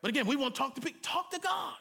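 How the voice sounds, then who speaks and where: A middle-aged man preaching with big, lively swings in his voice, shifting from near-whispers to shouted cries. His tone sits high and bright, and he talks in a loose, colloquial way. He acts out the people he quotes. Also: rapid-fire, vocal fry. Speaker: pastor. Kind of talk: sermon.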